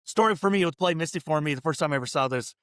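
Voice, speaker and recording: A man's voice: a little high, rapid-fire, a bit bright, dry recording, studio quality. A man co-hosting a casual film podcast, telling stories in a rambling, laid-back way with lots of fillers. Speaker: podcast co-host.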